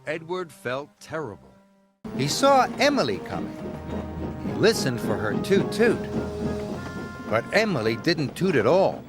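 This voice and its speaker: Male narrator, animated children's story reading over music. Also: on the high side, measured pace, long pauses.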